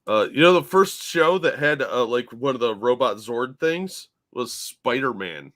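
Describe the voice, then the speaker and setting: Man co-host, mid-pitched voice that moves a lot, dry jokes. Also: lively intonation, a little slow, fairly bright tone. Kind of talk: casual podcast chat.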